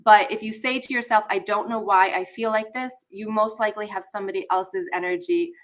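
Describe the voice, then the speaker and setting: Bright-sounding woman doing a chatty live stream, talks right to her viewers, a bit under the weather. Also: medium pitch, steady tone, a little fast. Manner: chatty, talks straight to viewers, greets chat. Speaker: spiritual coach hosting a live session. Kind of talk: casual live-stream teaching.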